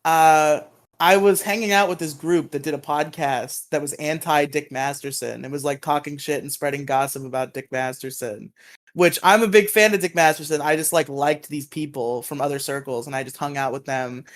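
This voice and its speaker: A man's voice: fairly high pitch, steady tone, moderate pace. A man co-hosting a podcast in casual chat over a voice call, rambling and self-deprecating, laughing often. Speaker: podcast co-host.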